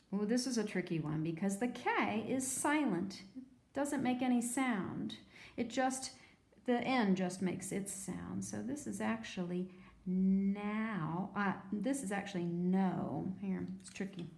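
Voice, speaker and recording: A woman teacher giving a phonics lesson to young children, sounding out words slowly and patiently. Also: mid-range voice, creaky, roomy sound.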